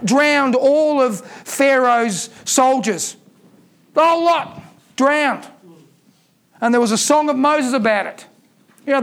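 A man preaching a sermon, emphatic and repeating key lines for effect. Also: extremely high pitch.

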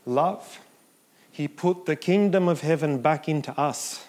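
A man's voice: on the high side, a little slow, a little mellow. A man preaching a sermon, moving between conversational asides and emphatic scripture reading.

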